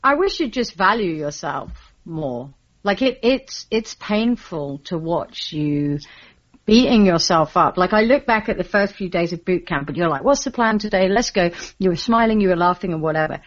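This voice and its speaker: A woman speaks caringly to a struggling friend, explaining her view gently. Her voice sits on the low side and sounds dry and slightly muffled. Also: expressive, moderate pace, dry recording. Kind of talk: earnest group conversation.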